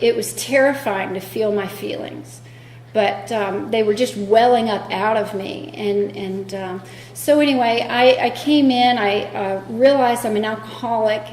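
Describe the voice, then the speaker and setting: Woman, recovery talk, candid and self-deprecating, slightly high voice, echoey room, faint hum. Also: darkish tone. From North Carolina. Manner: candid, self-deprecating storytelling with quoted dialogue. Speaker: AA speaker.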